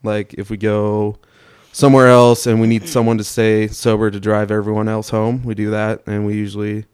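Laid-back young man, smooth voice. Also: lowish voice, normal speed, no echo, clean studio sound. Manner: laid-back, deadpan anecdote telling with chuckles. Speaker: guest. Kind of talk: casual storytelling.

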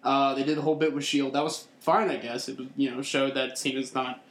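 A man's voice: medium pitch, flat delivery, a little fast. A man co-hosting a podcast in casual chat, talking hesitantly with many fillers. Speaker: podcast co-host. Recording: echoey room.

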